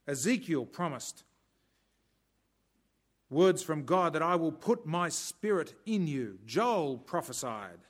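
Delivering a sermon, this man speaks with a fairly high pitch, keeping a measured and emphatic pace. Now and then he pauses for dry bits of humor.

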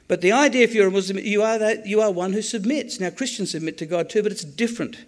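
A man preaching a sermon on the Psalms, animated, acting out quoted prayers with jokey asides. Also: sits high, fast.

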